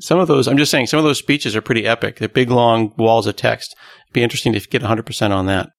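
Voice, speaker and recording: A man's voice: mid-range voice, fairly even intonation, fast talker, gravelly, no echo, clean studio sound. Plain-spoken man hosting a tech podcast. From Pacific Northwest. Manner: plain newsreader-like delivery. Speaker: podcast host. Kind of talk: casual tech podcast chat.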